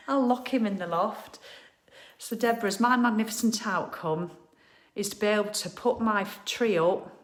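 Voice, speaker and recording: A woman's voice: mid-range voice, measured pace. Chatty, cheerful woman. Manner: chatty, cheerful and blunt, with mild swearing and laughs. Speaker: live-stream host. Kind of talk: casual live chat. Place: home living room.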